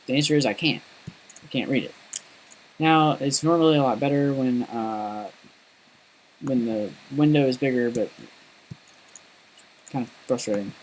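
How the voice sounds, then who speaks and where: A man's voice: mid-range voice, unhurried, long pauses, background noise. A man chatting casually while coding on a live stream, rambling and self-deprecating. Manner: rambling and self-deprecating, lots of fillers and laughs. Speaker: programmer streaming his coding.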